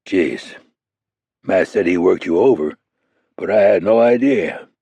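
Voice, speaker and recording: A man's voice: sits low, lively intonation, a little slow, dark tone, breathy edge, no echo, full character voice. A man voicing a recovering wounded male special-ops soldier who talks in blunt, joking banter. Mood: wry.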